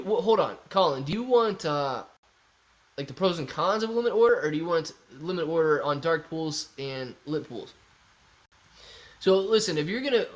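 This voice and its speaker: A man hosting a casual livestream, playfully reading chat messages aloud and stumbling through tongue twisters. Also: fairly high pitch. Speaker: livestream host.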